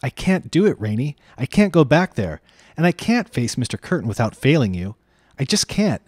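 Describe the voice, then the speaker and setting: A man's voice: medium pitch, lively intonation, unhurried, a little mellow, no room sound, clean studio sound, lightly acted. A man reading aloud, voicing an anxious, frightened young boy who pleads and frets. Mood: distraught. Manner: trembling, pleading, fretful.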